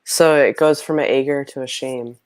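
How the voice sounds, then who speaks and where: A woman's voice: extremely low pitch, steady tone, moderate pace, darkish tone. A woman on a video call in a casual group chat, speaking emphatically and acting out her inner voice.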